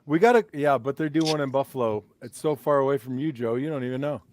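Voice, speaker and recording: A man's voice: medium pitch, fast talker, a little mellow. A man co-hosting a casual sports talk show, a former player given to joking, teasing banter. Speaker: co-host, former football player.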